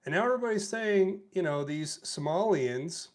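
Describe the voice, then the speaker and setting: A man's voice: high voice, lively intonation, normal speed. A man hosting a livestream, commenting on clips with sarcastic, chuckling asides. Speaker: livestream host.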